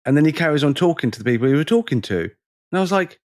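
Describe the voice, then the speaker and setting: A man, co-hosting a podcast and telling a lively story in casual conversation, acting out the people in it. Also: on the high side, racing, no echo, studio quality. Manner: animated storyteller, acts out the people in his stories. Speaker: podcast co-host.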